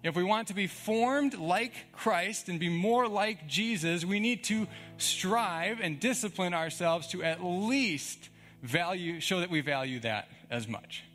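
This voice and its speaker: A man's voice: sits high, unhurried, a bit bright, soft background music. A young man preaching a sermon as a pastor, talking in a conversational, emphatic way with frequent chuckles.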